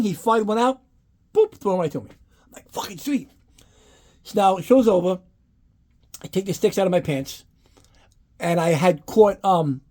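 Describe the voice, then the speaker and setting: A man talks to camera in a casual, rambling way. He swears often and gets animated as he tells his anecdotes. His voice sits a little higher than most men's. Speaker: collector giving a room tour.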